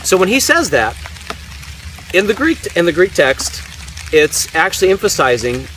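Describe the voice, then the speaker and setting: A higher-voiced man talks through a point in an easy teaching way, often stopping to check that the listener follows. He sounds a bit away from the mic, with a faint hiss under the voice. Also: very animated, normal speed, a bit bright. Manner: explanatory, frequent restarts and "right?" tags. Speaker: Bible translator. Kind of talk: casual teaching conversation. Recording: distant mic with faint noise.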